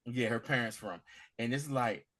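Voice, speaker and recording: A man co-hosting a podcast, retelling a TV episode in a casual, animated way and acting out the characters' lines. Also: medium pitch, moderate pace. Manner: animated storytelling, acting out scenes in voices. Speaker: podcast co-host. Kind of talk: casual TV recap chat.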